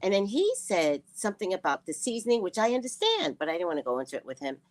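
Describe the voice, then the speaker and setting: A woman vlogger casually telling a personal story to her viewers, animated and quick to laugh, with frequent asides to her audience. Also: mid-range voice. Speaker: spiritual reader and vlogger.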